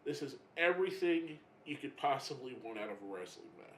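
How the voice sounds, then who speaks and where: A man giving a casual spoken review, emotional and halting, often getting choked up and restarting his sentences. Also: medium pitch, animated, roomy sound, slight background noise, low-quality recording. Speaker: wrestling reviewer.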